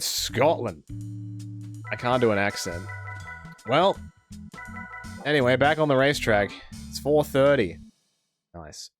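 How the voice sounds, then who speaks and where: A man with an Australian accent chatting casually on a live game stream, rambling and answering chat as he plays. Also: mid-range voice.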